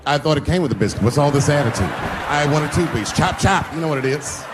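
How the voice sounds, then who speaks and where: A man's voice: on the high side, quick pace, over music. A middle-aged man doing stand-up comedy on stage, telling loose, profane stories full of acted-out quotes. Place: comedy stage before a live audience.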